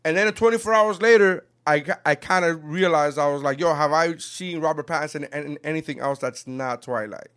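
A man in casual podcast chat, swearing a lot and acting out quotes with big shifts in loudness. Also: a little high, fairly quick, few pauses, clear, resonant tone. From South Florida. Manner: animated, profane, acts out quotes.

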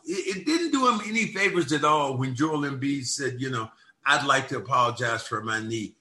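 A man co-hosting a podcast, talking basketball in a casual, emphatic way that turns loud and lively when he argues a point. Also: medium pitch, normal speed. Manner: emphatic, gets loud and animated when arguing. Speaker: podcast co-host. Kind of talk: casual sports talk.

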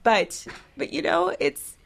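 A woman's voice: slow, slight background noise. A woman in casual podcast chat, talking loosely with filler words.

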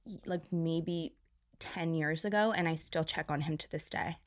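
A woman's voice: low voice, normal speed, no room sound, clean studio sound. A young woman co-hosting a podcast, chatting casually in a self-mocking way with frequent restarts. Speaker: podcast co-host. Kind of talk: casual chat.

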